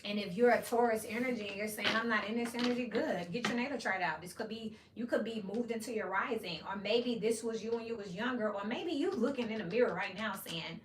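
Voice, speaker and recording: A woman's voice: mid-range voice, fairly quick, few pauses. A woman from Memphis, giving a casual tarot reading, blunt and profane, acting out the people she quotes. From Memphis, United States. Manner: blunt, profane, animated, acts out quoted voices. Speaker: tarot reader. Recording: echoey room, mic at a distance, faint hiss.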